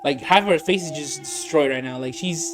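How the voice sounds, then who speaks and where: A man's voice: fairly high pitch, brisk, over music. A man co-hosting a podcast, telling a story in rambling casual chat, laughing often and swearing freely. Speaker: podcast co-host.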